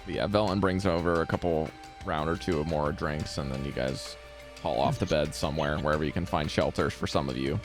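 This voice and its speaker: A man running a tabletop game as game master, narrating in a laughing, animated way. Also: very deep voice, fairly quick, over music.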